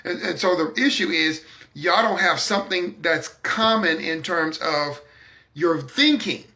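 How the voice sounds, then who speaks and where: Emphatic, bright-voiced man with gravelly edges. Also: fairly high pitch, unhurried. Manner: emphatic, confident; repeats words when stressing a point. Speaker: broadcast host. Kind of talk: preaching-style talk.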